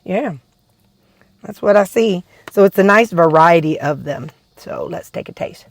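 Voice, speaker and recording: A woman's voice: lowish voice, animated, unhurried. A woman vlogger chatting casually about her meals, rambling and tasting food as she talks. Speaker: weight-loss vlogger. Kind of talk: casual food vlog chat.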